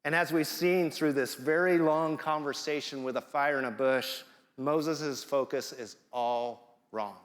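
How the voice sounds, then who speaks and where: A man's voice: fairly high pitch, unhurried. Playful man preaching in a reverberant hall. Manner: conversational, playful, acts out quoted voices. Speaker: guest preacher. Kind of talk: sermon. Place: church sanctuary.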